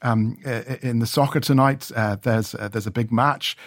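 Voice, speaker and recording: A man's voice: medium pitch, fairly even intonation, normal speed, dry recording. A man chats in a radio studio, rambling through his stories with plenty of restarts. His voice sits mid-range and comes across close and dry, with no room sound. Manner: chatty, rambling with many restarts. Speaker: radio reporter.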